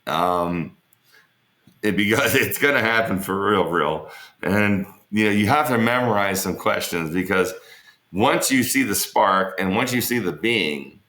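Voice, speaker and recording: A man's voice: on the low side, lively intonation, measured pace, pushed and bright, echoey room. A man being interviewed, telling rambling, joking stories in a casual way and swearing freely. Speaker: interview guest. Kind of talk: casual storytelling on an online interview.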